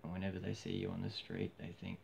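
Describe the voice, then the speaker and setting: A hoarse man with an Australian accent, rambling casually in a live video monologue with many restarts. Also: sits low, big pitch swings, fast, a little mellow. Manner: rambling, frequent restarts and fillers. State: hoarse, losing his voice. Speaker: vlogger. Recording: dull lo-fi with faint hiss.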